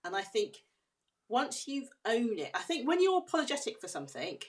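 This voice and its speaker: A woman guest on a podcast interview, explaining her ideas on leadership in an earnest, measured way. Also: a little high, very animated. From United Kingdom.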